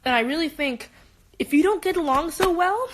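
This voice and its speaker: A teenage girl from Los Angeles, a high school student telling an upset personal story in quick bursts full of restarts. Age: teens. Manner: animated, rapid, many restarts. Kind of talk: emotional personal rant.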